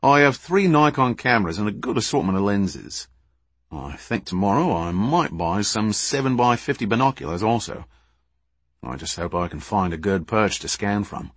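A man's voice: on the low side, fairly bright tone, husky, dry recording, heavily acted. A man voicing a precise, fretful British spy and photographer in an audiobook.

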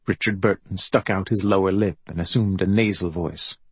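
A male audiobook narrator with a low, husky voice. He reads in an even, measured way, recorded dry and close. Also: no echo.

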